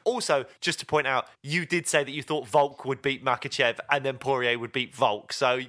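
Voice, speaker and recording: Bright-voiced man, chatty podcast co-host. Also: mid-range voice, moderate pace. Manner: chatty, lots of fillers, animated storytelling. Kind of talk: casual chat.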